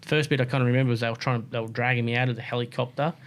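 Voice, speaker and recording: A man's voice: mid-range voice, racing. Laid-back Australian man telling stories. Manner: relaxed, rambling, many "like" and "um" fillers. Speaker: podcast guest. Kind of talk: casual interview storytelling.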